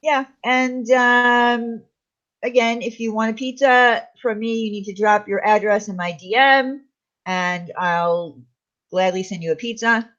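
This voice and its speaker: A woman co-hosting a casual live chat show, talkative and quick to laugh, trailing off between thoughts. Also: fairly high pitch, fairly bright tone, lo-fi sound. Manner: chatty, laughs often, trails off. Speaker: livestream co-host.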